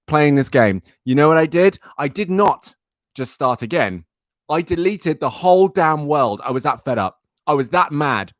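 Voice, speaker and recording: A young man rants through a casual story as a live stream host, circling back on the same phrases to hammer each point home. His voice sits a little high for a man and sounds close and dry, with no room around it. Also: no echo. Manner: exasperated, repeats himself for emphasis. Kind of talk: casual ranting anecdote.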